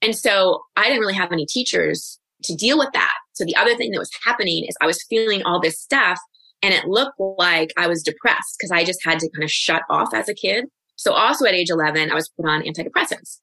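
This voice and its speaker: A woman in her forties opens up in a podcast interview, reflective and candid, with quick asides. Her voice is bright and sits somewhat low. It is recorded dry and close on the mic. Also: breathy edge, no echo. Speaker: guest coach.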